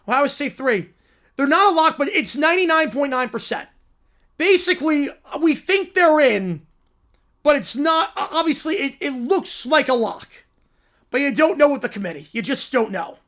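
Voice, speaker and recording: A man hosting a live stream, reacting excitedly to college football games and answering his chat. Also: extremely high pitch.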